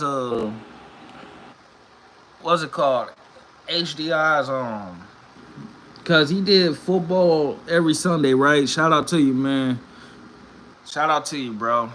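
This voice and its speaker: A man giving a profane, animated sports rant from home in a casual vlog, swearing and laughing often. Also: fairly high pitch, a little hiss or hum. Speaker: vlogger. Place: home room.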